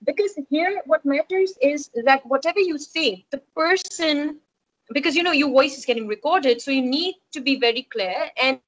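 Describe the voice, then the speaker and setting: A woman with a notably high voice leads an online speaking-exam lesson. She explains in a chatty, repetitive way and keeps checking in with her students. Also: normal speed, poor audio. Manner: explanatory, repeats key points, frequent "right?" checks. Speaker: OET speaking tutor.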